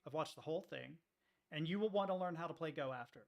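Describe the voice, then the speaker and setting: A man's voice: fairly high pitch, fast talker, creaky. A man streaming, chatting casually and reacting to videos, rambling and swearing as he goes. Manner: profane, rambling, animated.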